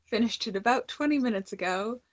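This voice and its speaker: A woman guesting on a book discussion stream, relaxed and laughing, hedging her words with "like". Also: a little high, brisk, no echo, dull audio. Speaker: booktuber guest. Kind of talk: casual chat.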